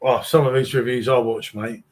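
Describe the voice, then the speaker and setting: A man's voice: medium pitch, fairly even intonation, moderate pace. A man in casual chat on a beer stream, bantering, mocking and swearing.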